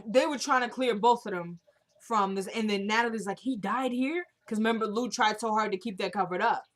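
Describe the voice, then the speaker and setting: A woman's voice: mid-range voice, a little fast. Chatty woman recapping a TV episode. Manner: chatty, animated retelling that acts out the characters' lines. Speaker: TV recap vlogger.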